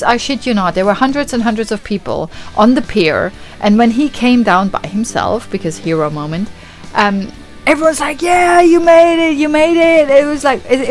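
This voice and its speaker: Woman podcast host, mid-pitch, chatty and profane, retells film scenes with animated reactions. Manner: swearing, lively retelling with acted-out reactions. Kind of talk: casual film review chat.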